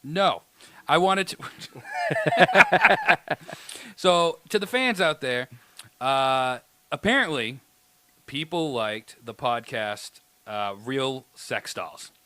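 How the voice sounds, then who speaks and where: A man's voice: mid-range voice, wildly swooping pitch, extremely slow, pauses often, sharp tone, slight background noise. A man co-hosting a casual podcast, playful and laughing at his own jokes. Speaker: podcast co-host.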